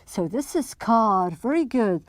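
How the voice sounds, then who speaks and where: Slow, lively encouraging woman teacher. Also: fairly high pitch, no room sound, studio quality. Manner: slow, encouraging, frequent praise. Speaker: English teacher. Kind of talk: online classroom lesson for young children.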